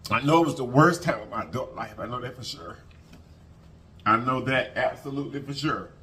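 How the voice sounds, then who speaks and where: A mukbang vlogger tells his viewers an emotional personal story in a mid-range, bright, pushed voice, talking a little fast. He's colloquial, calls them y'all, repeats phrases, and often thanks God.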